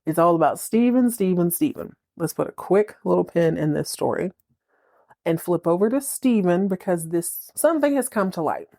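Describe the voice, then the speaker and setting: A woman hosting a podcast, recapping a TV drama in a casual, playful, slangy way with quick acted-out bits of dialogue. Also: lowish voice, expressive, warm tone, no echo, studio quality.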